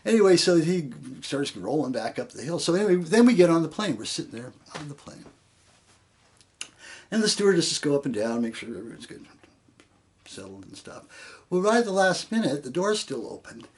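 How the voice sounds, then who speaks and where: A man's voice: a little high, very animated, normal speed. An older man from Canada telling a rambling memoir story in casual speech, acting out the people in it and filling his talk with "you know.". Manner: rambling, full of "you know" and voiced quotes.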